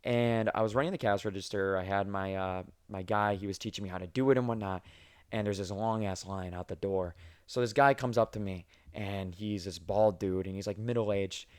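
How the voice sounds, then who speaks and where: A man's voice: lowish voice, moderate pace, clean tone, no echo, clean studio sound. Young man telling stories with lots of swearing. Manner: profane, animated storyteller. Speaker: podcast host. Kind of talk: casual podcast storytelling.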